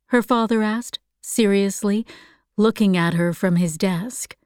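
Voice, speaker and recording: Woman narrator, audiobook, calm and measured, slow pace, dry close sound. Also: medium pitch, smooth, no echo.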